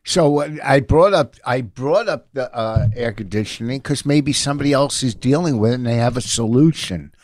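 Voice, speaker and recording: A middle-aged man comedian in casual banter, excitable and swearing freely, jumping from topic to topic. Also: mid-range voice, normal speed, few pauses, no room sound. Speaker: comedian and podcast co-host.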